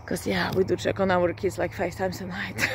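A woman's voice: fairly low pitch, little pitch movement, moderate pace, background noise. A woman vlogging from her rural home at night, half-whispering, swearing often and speaking from the heart. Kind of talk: casual whispered vlog.

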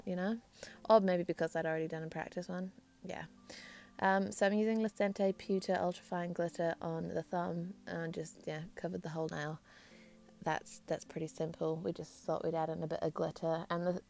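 A woman's voice: lowish voice, gravelly, darkish tone. A woman whose accent drifts between New Zealand and English, talking through her nail art in a rambling, hesitant, self-deprecating voice-over. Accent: mix of New Zealand and English. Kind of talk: casual voice-over tutorial.

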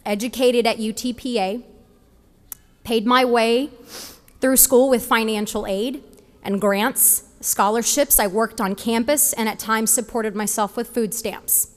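Passionate slow-speaking young woman at a podium. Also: on the high side, steady tone. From Texas. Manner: emphatic, passionate delivery. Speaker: commencement speaker. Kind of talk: inspirational commencement speech. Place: large ceremony venue. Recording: long hall reverb.

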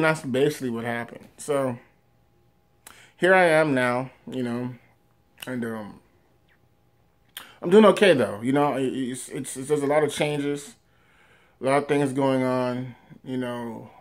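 A man talking casually to camera in a personal vlog, rambling with many fillers and restarts, rising loud at the big moments and trailing off quietly after. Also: mid-range voice, a little slow, long pauses. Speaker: vlogger.

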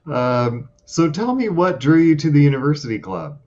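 Relaxed joking male interviewer. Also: a little high, takes it slowly, muffled recording. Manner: relaxed, joking, hesitant fillers. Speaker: interviewer, club member. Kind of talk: casual interview questions.

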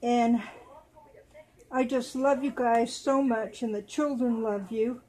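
A woman hosting a casual vlog at home, talking to viewers and cooing softly to her dolls. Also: fairly high pitch, steady tone, takes it slowly. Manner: doting, soft baby talk to her dolls. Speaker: doll channel host.

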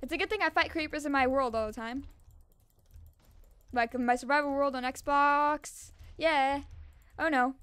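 A young woman talks over her own gameplay in an excitable, casual way, piling up repeated words when things get tense. Her voice sits high and bright. It is recorded dry and close on a desk mic, with keys clicking now and then. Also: moderate pace, dry recording. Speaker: gaming channel host.

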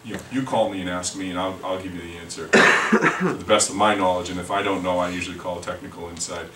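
A man's voice: deep voice, steady tone, fast talker. A man giving a product training talk at a lunch meeting, rambling with many repeated words and restarts. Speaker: sales representative. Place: meeting room, lunch and learn. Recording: echoey room from far off, faint noise.

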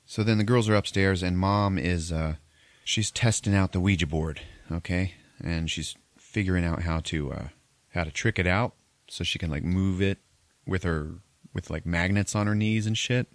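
A man with a very low voice retells a film plot in a casual, rambling podcast chat, swearing freely and laughing as he goes. The sound is close and dry, with little room around it. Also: moderate pace, no echo. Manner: profane, laughing, rambling storyteller. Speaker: podcast host. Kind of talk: casual movie recap.

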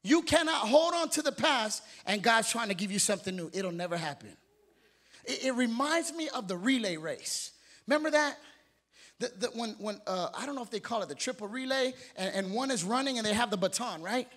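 A male pastor preaching a sermon in a church, energetic and exhorting, calling out questions to the congregation. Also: very high voice, fairly quick. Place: church sanctuary.

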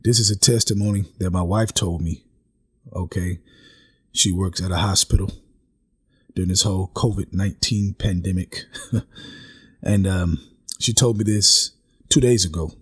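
A man's voice: low-pitched, moderate pace, pauses often, breathy edge. A man giving an earnest, casual spoken testimony, often stopping to check in with his listeners. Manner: earnest, repeats "okay?" and "man" for emphasis. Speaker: religious vlogger giving a testimony.

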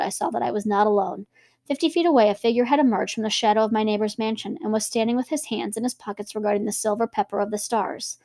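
A young woman reading a novel aloud and breaking off now and then for chatty, lively comments about it. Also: on the high side, no echo, studio quality. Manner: lively, switching between reading and chatty asides. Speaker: reader and teacher.

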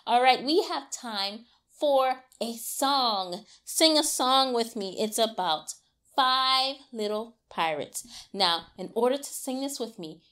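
Bubbly lady teacher doing a kids sing-along, high voice that jumps all over, slow and sweet. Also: a faint crowd. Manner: cheery, coaxing, talks straight to little kids; bursts into high excited cheers. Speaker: children's read-aloud host. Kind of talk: children's circle time, sing-along.

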